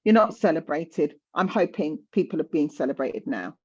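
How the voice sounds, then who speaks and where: A woman's voice: deep voice, animated, moderate pace, a little mellow, breathy edge, dull audio. A woman in her fifties talking candidly in conversation, passionate and emphatic, often repeating words for stress. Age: 50s.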